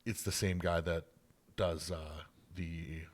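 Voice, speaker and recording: A man's voice: low-pitched, flat delivery, slow. A man co-hosting a podcast in casual chat, rambling and swearing freely, with lots of fillers and restarts. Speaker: podcast co-host.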